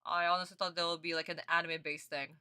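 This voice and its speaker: A young adult woman streamer talks fast in a smooth, level voice that's fairly low and comes out pushed and bright. While reacting to a cartoon episode, she chats casually, responds to comments, and calls viewers honey and sweeties.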